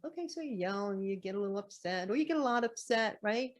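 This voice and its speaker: Middle-aged woman medium giving an earnest spiritual talk; mid-pitched, asks question after question. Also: lively intonation, fast talker, hardly any pauses. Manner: earnest, repeats rhetorical questions. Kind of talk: motivational spiritual talk to camera.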